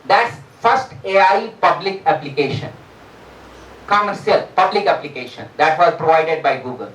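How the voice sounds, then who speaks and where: A professor giving a university lecture. They often ask the students questions and pause on fillers. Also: mid-range voice, animated, a bit bright. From India. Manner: addresses students with rhetorical questions, frequent fillers. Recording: roomy echo, distant mic.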